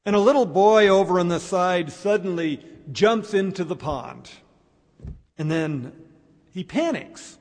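High voiced preacher, takes his time, lots of pauses, echoey church sound. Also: darkish tone. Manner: slow, reflective preaching with dramatic pauses. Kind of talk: sermon. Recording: long hall reverb.

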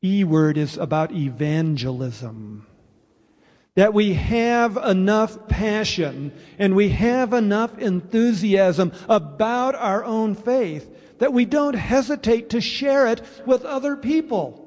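Male pastor, high-pitched, unhurried earnest sermon delivery, reverberant church hall. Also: expressive, darkish tone. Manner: earnest, explanatory preaching with pauses. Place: church sanctuary.

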